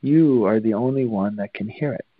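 A man guiding listeners through a breathing exercise, calm and instructive, with long pauses. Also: fairly low pitch, dry recording, phone-quality sound. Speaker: breathing teacher.

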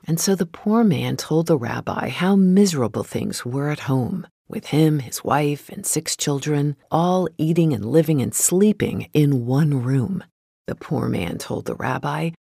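A storyteller telling a folktale in a steady, gentle storybook narration. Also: mid-range voice, a little slow, gravelly, husky, no echo, studio quality.

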